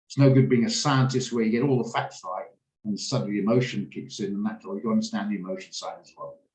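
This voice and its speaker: A man's voice: lowish voice, steady tone, fast, darkish tone. Man, trading room host, rambling, emotional, echoey room, video call. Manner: emotional, rambling, rants and laughs. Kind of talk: casual talk on a video call.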